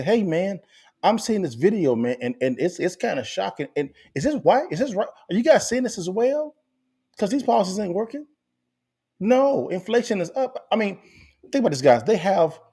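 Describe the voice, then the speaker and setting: Man, podcast host, emphatic, preachy, keeps firing questions at listeners, mid-pitched voice. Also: a little mellow. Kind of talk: direct-to-camera finance commentary.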